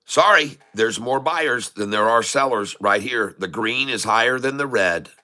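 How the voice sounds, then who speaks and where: A middle-aged man hosting live day-trading commentary, excitable and folksy, repeating phrases for emphasis. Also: mid-range voice, measured pace. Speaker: day trader host.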